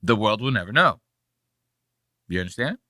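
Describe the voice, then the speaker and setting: A man's voice: fairly low pitch, animated, moderate pace, bright, forceful tone, no room sound, clean studio sound. A man hosting a podcast, chatting in a rambling, joking and profane way. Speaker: podcast host. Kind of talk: casual podcast commentary.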